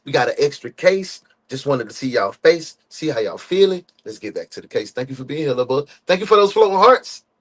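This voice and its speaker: Slangy aave dude reacting to a crime clip, loud and lively, voice jumps around a lot. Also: male voice, mid-range voice, brisk, hardly any pauses, husky. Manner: animated, slangy, talks back at the clip. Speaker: true crime reaction host. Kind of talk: casual reaction commentary.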